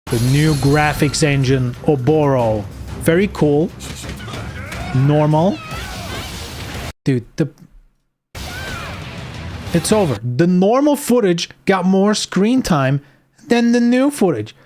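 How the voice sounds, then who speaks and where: A man's voice: a little high, lively intonation, slow pace, long pauses, a little mellow, faint music behind. A man streaming live, reading game news aloud and ranting about it sarcastically, swearing often.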